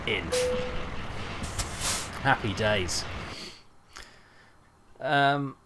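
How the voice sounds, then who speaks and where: A man's voice: medium pitch, extremely slow, background noise. A man streaming a truck driving game, rambling chattily and greeting viewers by name while he drives. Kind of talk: casual live-stream chat while driving.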